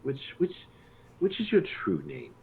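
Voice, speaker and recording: A man's voice: sits high, wildly swooping pitch, measured pace, creaky. A man speaking as his character interrogates in a dry, sarcastic manner. His voice sits in the middle range and comes through a thin, phone-like line with a faint hiss. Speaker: player.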